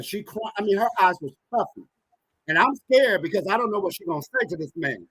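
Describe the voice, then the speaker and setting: A man in his thirties, a guest, telling a personal story with animated acted-out dialogue. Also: high voice, normal speed, dry recording, poor audio. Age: 30s. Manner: animated, acts out quoted dialogue. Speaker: guest, organizational psychologist and author.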